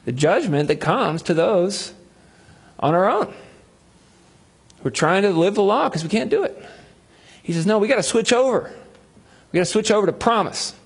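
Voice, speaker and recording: A man's voice: high-pitched, lively intonation, normal speed, long pauses, husky. A male pastor preaching a sermon, telling a Bible story with humor and acting out the voices of its figures.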